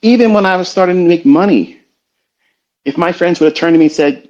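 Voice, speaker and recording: A man's voice: a little high, lively intonation. Earnest middle-aged man, muffled stream. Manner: earnest, confessional, slow and halting. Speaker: trading educator hosting a live audio room. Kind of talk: reflective motivational talk. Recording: slightly muffled online audio stream.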